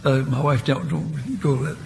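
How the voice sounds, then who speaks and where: An older man preaching a sermon in a church, rambling and halting and repeating his words. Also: a little high, vocal fry, darkish tone. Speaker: pastor. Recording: reverberant church hall, faint hiss.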